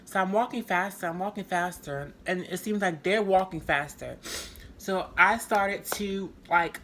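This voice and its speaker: A woman's voice: lowish voice, fairly bright tone, slight background noise. Rambling woman telling a personal story. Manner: rambling, filler-heavy, halting. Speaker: storytime vlogger.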